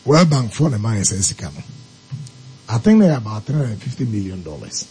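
A man's voice: lowish voice, very animated, brisk, darkish tone, husky, faint music behind, poor audio. A man with a Ghanaian accent, explaining step by step as a talk-radio commentator and mixing English terms into his speech. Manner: mixes local language with English, explaining step by step.

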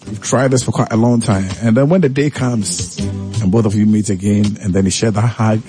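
A man's voice: lowish voice, fairly even intonation, moderate pace, over music. A man telling a comic story about couples making up, addressing listeners directly and dramatically. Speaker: comedic storyteller. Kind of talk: comedic monologue.

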